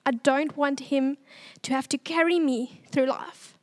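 A young woman giving an earnest, tearful church testimony, pausing often. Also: high-pitched, steady tone.

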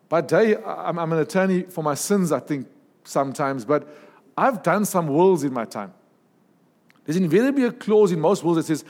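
A man preaching a sermon in a lively, humorous way, with asides and jokes. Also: sits high, in a large hall.

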